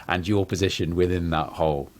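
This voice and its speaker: Deep-voiced man chatting animatedly. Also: brisk. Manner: animated, acts out example sentences with shifting emphasis. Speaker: podcast co-host. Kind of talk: casual chat.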